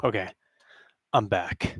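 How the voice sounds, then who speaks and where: A man's voice: on the low side, takes it slowly, fairly bright tone, husky, no echo, clean studio sound. Joking man streaming from his basement. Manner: rambling, joking, chuckles often. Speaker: live streamer. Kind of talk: casual chat with stream viewers. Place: basement room with a cardboard backdrop.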